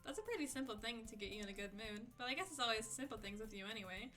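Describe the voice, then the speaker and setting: Woman voicing a sing-song bubbly schoolgirl, high and bright, faint game music. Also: animated, racing. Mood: playful. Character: cheerful bubbly teenage schoolgirl, playful. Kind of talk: reading visual novel lines aloud.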